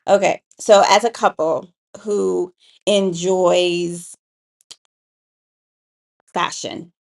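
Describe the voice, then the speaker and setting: A woman's voice: lowish voice, steady tone, drawn-out words, vocal fry, darkish tone. A woman co-hosting a casual livestream chat with her partner, teasing him and laughing often. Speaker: co-host.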